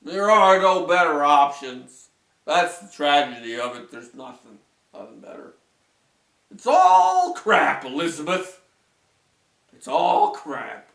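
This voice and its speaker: A man's voice: fairly high pitch, sing-song, slow, gravelly, fairly bright tone, full character voice. A man doing a moaning washed-up cartoon star. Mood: gloomy. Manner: whiny, moaning, rambling rants. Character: washed-up weary male cartoon star, gloomy and complaining. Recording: roomy echo from a distant mic.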